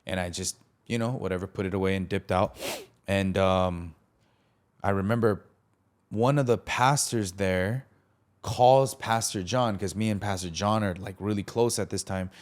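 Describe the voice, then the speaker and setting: A young podcast host with a deep voice talks at normal speed through a personal story. He's animated, mimicking others' quoted lines, and his delivery is casual and slangy with plenty of fillers.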